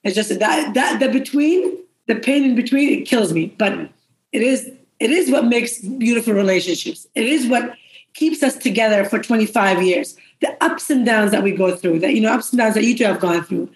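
Middle-aged mom talking straight from the heart, kinda high voice, echoey room. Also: female voice, animated, normal speed. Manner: heartfelt, blunt, swears. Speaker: guest, mother. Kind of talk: emotional casual chat.

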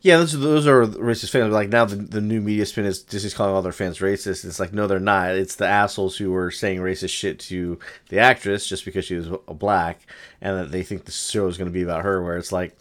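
Guy rambling on a podcast, fillers everywhere, lowish voice. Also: steady tone, brisk. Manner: rambling, lots of ums and likes. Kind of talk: casual chat.

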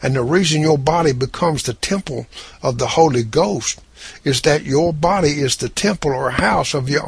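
A man's voice: a little high, creaky, fairly bright tone, husky. A man preaching a sermon, reading scripture aloud and pressing his points with emphasis.

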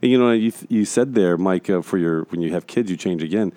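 A man with a mellow, darker voice talks with earnest conviction and hammers home his points with repeated phrases. He is co-hosting a casual podcast about faith. The sound is dry and close. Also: sits low, fairly quick, dry recording. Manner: earnest, repetitive emphatic phrasing. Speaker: podcast co-host.

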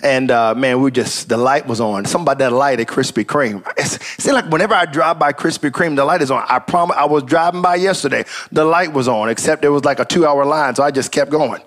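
A man preaching in an easy, conversational way, spinning a personal story with asides and repeated "praise God." His voice sits in a middle pitch for a man. He sounds like a pastor talking to a live-stream congregation. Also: brisk, few pauses, a bit bright. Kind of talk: sermon storytelling.

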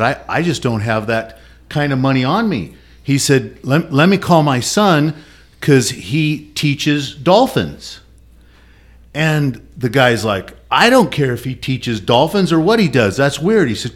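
A man in a relaxed group conversation, winding through a long joke at an unhurried pace. He puts a bit of energy into the characters' lines, at a middling pitch. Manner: storyteller, acts out the characters.

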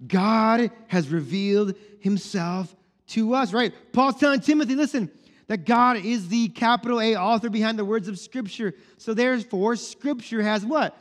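A man preaching a sermon, animated and playful, explaining words and acting out little scenes. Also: high voice, normal speed, long reverb tail. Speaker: pastor.

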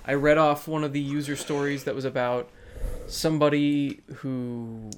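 A young man in casual chat, telling stories in an easygoing, expressive way. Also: mid-range voice, moderate pace, slight background noise.

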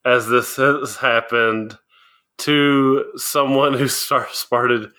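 A man's voice: medium pitch, steady tone, slow pace, bright, forceful tone. A man co-hosting a casual podcast chat, explaining things and often laughing as he goes. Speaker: podcast co-host.

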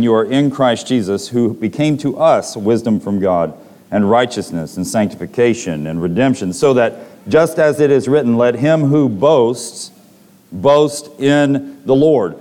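A man's voice: medium pitch, unhurried, a little mellow. A man preaching a sermon to a congregation, reading scripture and retelling stories with dramatic voiced quotes.

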